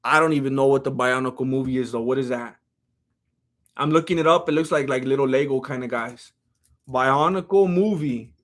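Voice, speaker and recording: A man's voice: medium pitch, fairly even intonation, brisk, fairly bright tone. A young man giving casual, slangy fight commentary as a channel host, repeating himself as he works up to his points. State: throat giving out. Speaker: YouTube MMA commentator. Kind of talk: casual commentary reading chat.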